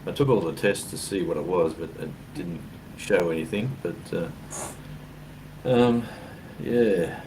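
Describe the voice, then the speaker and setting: A man's voice: deep voice, unhurried. An Australian man co-hosting a live stream, chatting in an easygoing, rambling way with blokey slang. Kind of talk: casual online chat. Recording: hissing mic with background noise.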